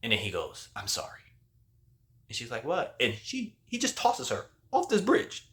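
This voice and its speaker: A man's voice: mid-range voice, wildly swooping pitch, moderate pace, fairly bright tone. A male host giving a casual spoiler movie review, retelling the plot in a loose, slangy way with lots of "like".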